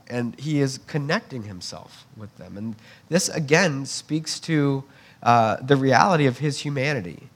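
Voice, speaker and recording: A man's voice: mid-range voice, lively intonation, unhurried. A man giving a sermon, teaching earnestly in a conversational way with frequent restarts. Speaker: preacher.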